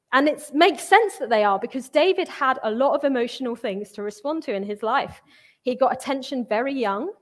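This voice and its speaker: A young woman preaches in a slightly high voice. She talks earnestly and conversationally, and she varies her pace and volume for emphasis as she reads and explains scripture. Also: a bit bright. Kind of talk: sermon.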